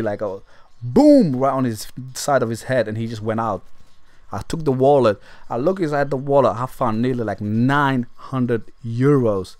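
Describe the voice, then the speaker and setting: A man's voice: medium pitch, no echo. A young man telling a story in a casual, crude and brash way, laughing at himself. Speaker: vlogger.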